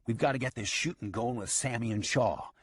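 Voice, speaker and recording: A man voicing a calm, scheming outlaw leader who gives firm orders in an audiobook. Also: medium pitch, brisk, breathy edge, no room sound, voice pushed up, natural voice. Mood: commanding. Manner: firm, commanding.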